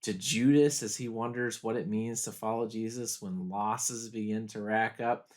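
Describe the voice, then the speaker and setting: A pastor talking through a TV episode in a video study guide, earnest and reflective, slowing down to weigh key moments. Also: male voice, on the low side, fairly even intonation. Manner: earnest, reflective, slows down for quoted lines.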